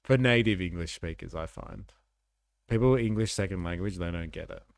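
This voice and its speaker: A man's voice: deep voice, brisk, creaky, no echo, clean studio sound. A man hosting a live stream, chatting casually and joking as he reacts to clips. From Australia. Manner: laid-back, joking, swears freely, laughs loudly.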